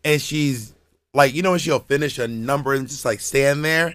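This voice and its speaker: A man chatting casually as a podcast co-host, talking fast with many restarts. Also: mid-range voice, fairly bright tone, clear, resonant tone, no echo. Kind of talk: casual chat.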